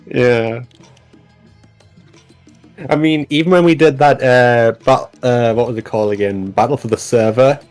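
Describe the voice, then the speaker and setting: A man's voice: mid-range voice, a little slow, long pauses, darkish tone, clear, resonant tone, dry recording, soft background music. A man who works as a voice actor, chatting casually and rambling with restarts on a development stream. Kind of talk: casual chat on a dev stream.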